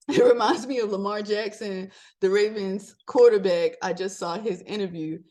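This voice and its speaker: A middle-aged woman from Maryland hosting a podcast in casual motivational talk, animated, laughing often and jumping up in pitch for emphasis. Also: moderate pace. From Maryland, USA. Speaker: podcast host.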